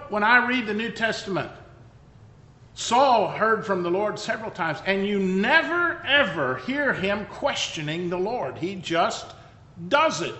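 A male preacher with a high, bright voice tells the story conversationally and drives his points home with emphatic asides. His voice carries through a long, echoey church hall. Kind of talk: sermon.

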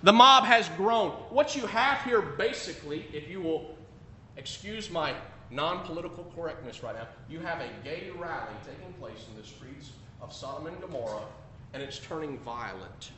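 A man preaching a sermon, emphatic, swinging between loud declarations and quiet asides. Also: expressive, normal speed. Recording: echoey room with faint rumble.

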